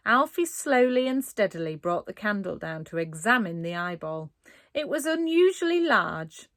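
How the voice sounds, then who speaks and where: A woman reads a children's storybook aloud with dramatic flair and playful asides. Her pitch moves in a wide, lively way. The sound is close and dry. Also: no room sound. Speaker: narrator. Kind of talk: storybook reading.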